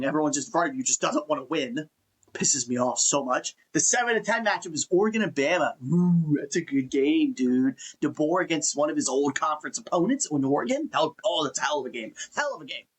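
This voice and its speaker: Husky ranting man talking football. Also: fairly high pitch, expressive, quick pace. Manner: ranting, exasperated, swears. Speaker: podcast host. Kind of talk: casual sports talk.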